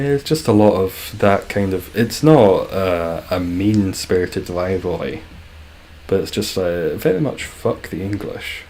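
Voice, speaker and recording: A young Scottish man with a low voice chats casually through a game stream. He jokes in a dry, teasing way and swears often. Faint noise sits behind him. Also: darkish tone. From Scotland.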